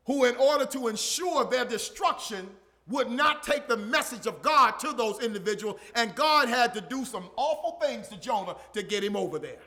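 High-voiced man preaching a sermon. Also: expressive, moderate pace, few pauses. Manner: emphatic, repeats lines, swings from shouts to near-murmurs.

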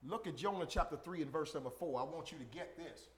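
A man preaching a sermon, emphatic and repetitive, swinging from shouted lines to quiet murmurs. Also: fairly high pitch, quick pace, a little hiss or hum.

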